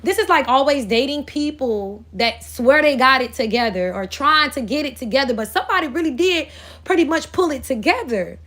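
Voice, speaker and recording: A woman's voice: sits high, animated, normal speed, sharp tone. A woman giving a casual astrology reading in a blunt, profane, rambling way, as if channeling spirit messages. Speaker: spiritual reader.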